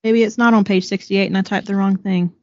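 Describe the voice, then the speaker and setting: A woman's voice: medium pitch, steady tone, fairly quick, no room sound, highs cut off. A woman with a Southern accent co-hosting a podcast, casually retelling a biography with frequent fillers. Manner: storytelling, with many "um"s and book quotes. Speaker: podcast co-host. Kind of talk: casual chat, summarizing a book.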